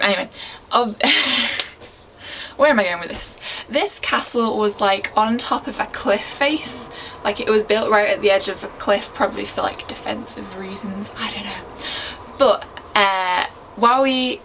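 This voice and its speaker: A woman's voice: medium pitch, fairly bright tone, poor audio. Young woman vlogging, chatty self-mocking storyteller, goes off on little tangents, slight hiss behind. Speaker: vlogger, regular on a shared channel. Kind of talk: casual storytelling to camera.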